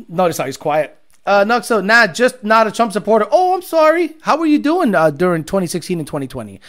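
Brief: male streamer who swears constantly and jeers at chat, with an animated, swooping delivery. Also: high-pitched. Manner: profane, mocking, rambling storyteller. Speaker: livestream host reading chat. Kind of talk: casual profane livestream rant.

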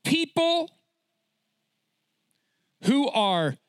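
A man's voice: extremely high pitch, very animated, very slow, fairly bright tone, dry recording, studio quality. A man preaching a sermon to a congregation, emphatic and full of rhetorical questions.

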